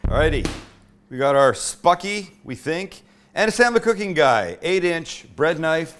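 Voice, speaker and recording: A man's voice: fairly high pitch, big pitch swings, measured pace, fairly bright tone, soft background music. Joking man hosting a home cooking show. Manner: joking, irreverent, chatty. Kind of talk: casual cooking demonstration. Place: indoor home kitchen.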